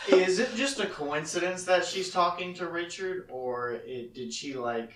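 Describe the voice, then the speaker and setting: A man's voice: high-pitched, unhurried. A man in the audience asking questions and joking along with the presenter. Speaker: audience member. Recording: echoey room from far off, crowd behind.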